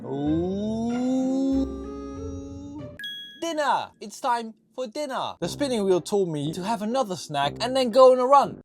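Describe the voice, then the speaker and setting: A man's voice: very high-pitched, sing-song, a little slow, pauses often, over music. A young man, vlogging in a casual, jokey, slang-filled way. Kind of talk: casual vlog. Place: camper van and dark village streets at night.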